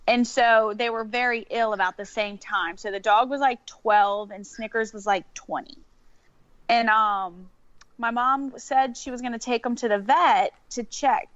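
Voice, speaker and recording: A woman's voice: on the high side, steady tone, measured pace, fairly bright tone, no echo. A woman, telling a story in casual chat and laughing often. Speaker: podcast guest. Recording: dull lo-fi sound.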